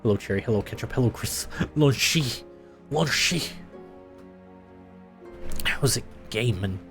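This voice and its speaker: A man's voice: fairly low pitch, steady tone, quick pace, soft background music. A man streaming a game live, chatting casually with viewers in a laid-back way and laughing often.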